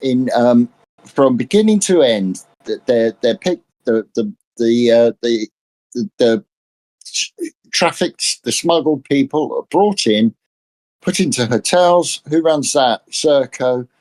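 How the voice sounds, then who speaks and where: An older man in a casual political chat, talking haltingly with many restarts and repeated words. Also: medium pitch, lively intonation, darkish tone. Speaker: discussion panelist.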